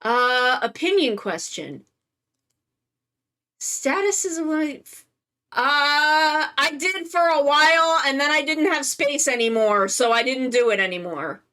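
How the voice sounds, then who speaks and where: A woman's voice: high-pitched, animated, takes it slowly, pushed and bright. A woman chatting offhandedly on a live stream, rambling a bit and swearing casually.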